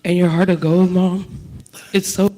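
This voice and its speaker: Nervous, high, flat-voiced man. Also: unhurried. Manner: nervous and earnest. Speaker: church member giving a Mother's Day tribute. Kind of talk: spoken tribute at church.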